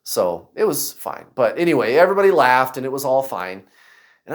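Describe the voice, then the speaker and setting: A man casually telling a personal story to camera, acting out other people's voices and shouts. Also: medium pitch, big pitch swings, brisk. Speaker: vlogger.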